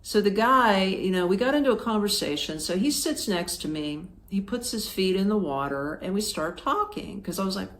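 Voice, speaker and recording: This Florida podcast host has a medium-pitched, lively voice and a moderate pace with barely any pauses. She tells a travel story casually, peppering it with fillers and acted-out quotes.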